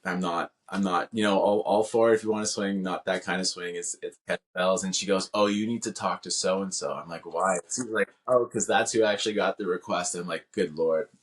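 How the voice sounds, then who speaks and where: Deep-voiced man telling a story. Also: brisk, hardly any pauses. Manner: animated storyteller, acts out quoted voices. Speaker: podcast co-host. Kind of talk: casual chat, storytelling.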